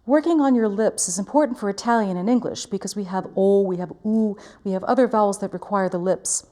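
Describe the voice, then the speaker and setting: Woman voice teacher, warm mellow tone, careful precise articulation. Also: medium pitch, fairly quick. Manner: clear, careful articulation, demonstrating vowels. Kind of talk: diction lesson.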